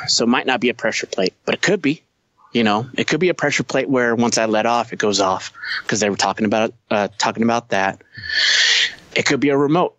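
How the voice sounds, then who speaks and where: A man's voice: mid-range voice, a bit bright, no room sound, dull audio. A man who is a Marine veteran, telling a war story as a podcast guest, blunt and heavy on profanity. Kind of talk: casual storytelling.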